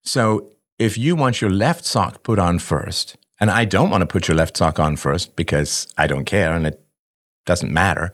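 On live call-in radio, a host with a deep, slightly bright voice and moderate pace responds to a caller about parenting. He talks conversationally, leans on rhetorical questions and repeated "right?", and performs little parent-child dialogues.

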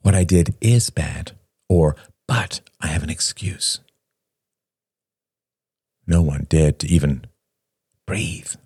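A man narrating a story in a measured way. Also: a bass voice, darkish tone, husky, no room sound, studio quality. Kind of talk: audiobook narration.

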